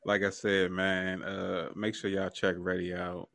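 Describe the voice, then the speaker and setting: A man hosting a podcast, wrapping up the episode in a relaxed, laid-back way. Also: low voice, unhurried, vocal fry, no echo. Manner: relaxed, laid-back, chuckles between phrases. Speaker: podcast host. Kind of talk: casual podcast outro.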